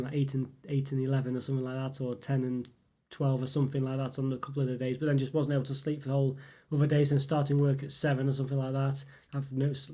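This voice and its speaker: Man, channel host, casual rambling update, quick talker, voice a bit rough. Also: mid-range voice, dark tone. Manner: rambling, many fillers and restarts. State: lingering cough, voice still rough.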